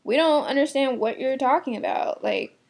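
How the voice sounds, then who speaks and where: A woman's voice: high voice, normal speed, gravelly. A young woman who works in a shoe department, venting bluntly and with exasperation, swearing casually. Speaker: shoe department retail worker. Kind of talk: venting to camera.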